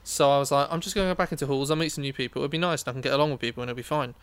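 A man's voice: mid-range voice, steady tone, very fast, fairly bright tone, clear, resonant tone, dry recording. A young man, a musician, rambling energetically in casual chat and swearing freely.

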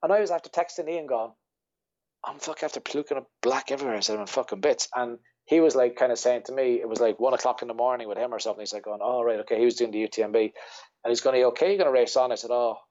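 A man's voice: medium pitch, a little mellow, lo-fi sound. A man with an Irish accent, a podcast guest telling a rambling story in casual chat, swearing freely and laughing as he goes. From Ireland. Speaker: podcast guest, ultra-runner.

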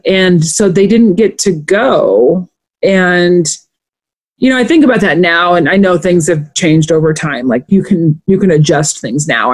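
Animated woman retelling a sitcom. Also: sits low. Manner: animated storyteller, acts out quotes. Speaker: podcast co-host. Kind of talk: casual chat.

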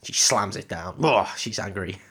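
A man's voice: low-pitched, normal speed, a bit bright, husky. A man co-hosting a podcast, casually retelling a film in a rambling, jokey, sweary way with lots of ums. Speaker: podcast co-host.

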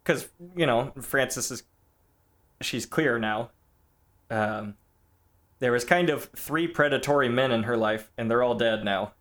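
A man co-hosting a film podcast in casual discussion, chatty and quick to laugh, often stammering as he restarts a thought. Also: mid-range voice, a bit bright. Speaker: podcast co-host.

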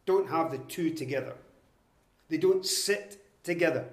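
A man preaching, teaching verse by verse, measured and emphatic, slowing down to stress quoted Scripture. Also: fairly high pitch, echoey room. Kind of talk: expository Bible teaching.

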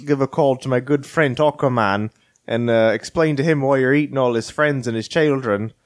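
A man's voice: mid-range voice, moderate pace, close to an everyday voice. A man playing a mock priest who hands out comic penance in a joking, mock-solemn way. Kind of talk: joking role-play in podcast banter.

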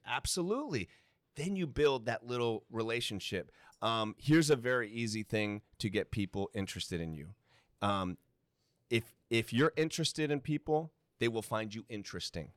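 Male guest speaker, mid pitch, animated storyteller, dry close sound. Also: moderate pace, no echo. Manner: animated storytelling, acting out quotes in bursts. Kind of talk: casual panel talk. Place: university lecture hall before a student audience.

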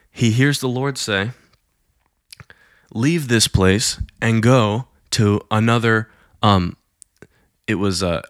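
Low-pitched, man, casual storytelling, conversational with fillers, dry room. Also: a bit bright, dry recording. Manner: conversational retelling with many fillers, acting out quoted lines. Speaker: Christian storyteller.

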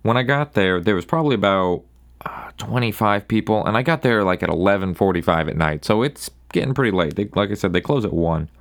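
A man's voice: lowish voice, animated. A young man hosting a solo podcast, telling a rambling bar story in a wry, casual way. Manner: rambling, wry, does quick voices for people in his stories. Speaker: podcast host.

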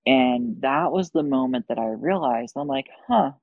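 A woman's voice: rumbling low, normal speed, slightly rough, dry recording, narrow, tinny audio. Profane woman telling a wild story. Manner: profane, animated, acts out quoted dialogue. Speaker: podcast guest. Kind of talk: casual storytelling.

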